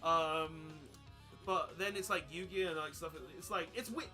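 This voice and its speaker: A young man chatting casually while streaming a card game, rambling and breaking into loud excited outbursts. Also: on the high side, measured pace, soft background music. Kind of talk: casual live-stream commentary while playing.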